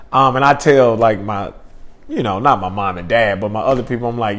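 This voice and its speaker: A man's voice: mid-range voice, lively intonation, fairly quick. Laid-back young man telling a story. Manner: laid-back slangy rambling with fillers. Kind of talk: casual storytelling.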